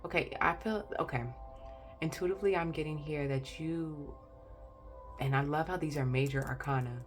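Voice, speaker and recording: A woman's voice: low voice, moderate pace, soft background music. A woman giving a chatty pick-a-card tarot reading, exclaiming and talking straight to her viewers. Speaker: tarot reader.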